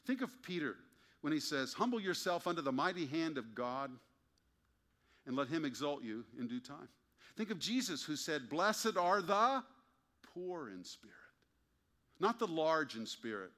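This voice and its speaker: A man's voice: on the high side, animated, normal speed, fairly bright tone. A man preaching a sermon to his congregation, emphatic and wry, often asking pointed rhetorical questions. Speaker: pastor.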